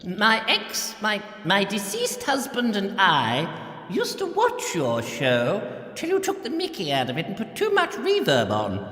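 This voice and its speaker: A man voicing a frail, lonely 95-year-old queen in a plaintive, quavering high voice for a comedy chat show. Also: huge pitch swings, measured pace, sharp tone, echoey room, in a large hall, heavily acted. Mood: grumbling.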